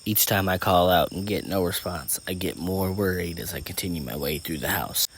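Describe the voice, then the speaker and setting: A man with a very low voice reads a first-person story aloud. He keeps a steady pace with small slips and restarts. Faint crickets are heard behind him. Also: moderate pace, slight background noise. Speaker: narrator.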